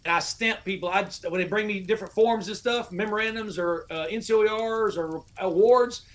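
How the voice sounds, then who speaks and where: A middle-aged American man tells a war-buddy story in loose, salty podcast chat. His delivery is animated and full of profanity. He acts out his old barked orders as he goes. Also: sits high, a little fast. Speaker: podcast guest, army veteran. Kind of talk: casual storytelling.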